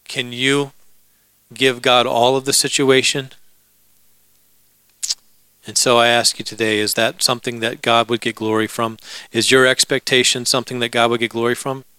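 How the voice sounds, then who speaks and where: A male pastor delivers a sermon in a bright, crisp voice. He preaches casually, mixing humor and asides to the congregation. The sound is dry and close. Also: mid-range voice, level tone, moderate pace, pauses often, dry recording, low-quality recording.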